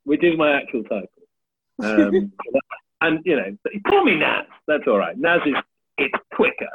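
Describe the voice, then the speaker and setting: A man's voice: on the high side, wildly swooping pitch, measured pace, vocal fry. A man in his thirties, a comedian chatting as a podcast guest, joking about himself and swearing freely. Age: 30s. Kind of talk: casual chat. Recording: tinny phone-like line with faint hiss.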